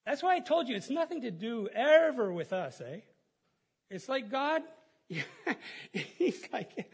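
A middle-aged man giving a casual, folksy sermon as a pastor, chatty and quick to laugh at his own stories. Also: extremely high pitch, big pitch swings, husky.

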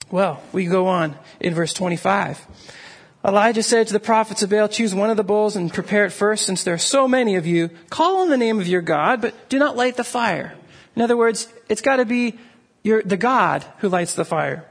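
A male pastor delivers a lively sermon, walking his listeners through a scripture passage verse by verse. His voice sits high for a man and has a husky edge. He keeps checking in with his listeners with a quick "right?". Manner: animated, asks the audience "right?" often.

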